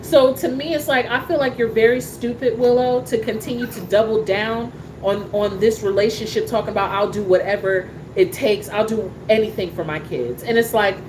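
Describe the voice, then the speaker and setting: A woman talks in a casual show, animated and sassy, full of fillers and restarts. Her voice sits a little high. A faint hum of room noise stays under it. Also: normal speed, few pauses. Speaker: soap opera talk show host. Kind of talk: casual chat reacting to a soap opera.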